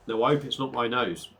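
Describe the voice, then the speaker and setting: Chatty man reviewing a beer. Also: mid-range voice. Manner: rambling, chatty, hesitant fillers. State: slightly under the weather. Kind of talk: casual beer review vlog.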